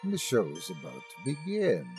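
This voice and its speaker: A man's voice: mid-range voice, huge pitch swings, measured pace, a little mellow, faint music behind. Theatrical man narrating horror stories. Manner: theatrical, dramatic storytelling. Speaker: podcast host and narrator. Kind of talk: scripted horror story narration.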